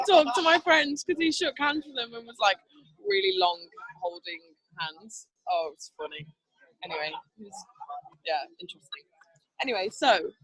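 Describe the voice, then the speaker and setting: A woman's voice: mid-range voice, a bit bright, slightly rough, rough recording. Upbeat chatty woman leading a team call. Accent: not Canadian. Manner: upbeat, chatty, laughs often. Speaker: team leader. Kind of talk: casual team training call.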